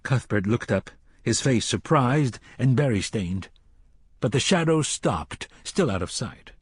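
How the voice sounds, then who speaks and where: A man narrating a story in a measured storytelling voice, raising his voice for the characters' lines. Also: medium pitch, animated, slightly rough, no room sound, studio quality. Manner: measured storytelling, lifts voice for dialogue. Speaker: audiobook narrator.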